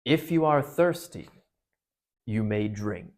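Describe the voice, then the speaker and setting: Man doing a deep solemn lion. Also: animated, takes it slowly. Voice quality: deep, heavy voice. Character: great solemn male talking lion.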